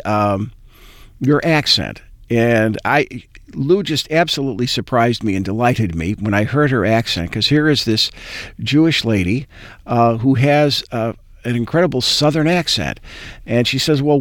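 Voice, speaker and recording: A man's voice: medium pitch, no room sound, studio quality. A man hosting an interview, talking in long rambling stretches full of restarts and filler words. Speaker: interview host. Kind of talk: conversational interview.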